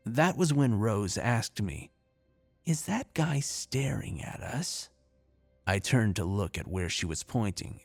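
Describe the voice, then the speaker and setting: Low-voiced man narrating horror. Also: no echo. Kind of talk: scripted first-person horror narration.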